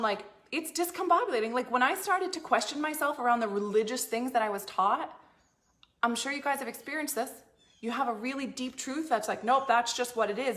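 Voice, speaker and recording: A woman's voice: on the high side, a bit bright. A woman business coach giving a blunt, emphatic motivational talk to her followers, swearing freely and acting out inner doubts. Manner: emphatic, blunt and swearing, swings into emotional acted-out inner monologues.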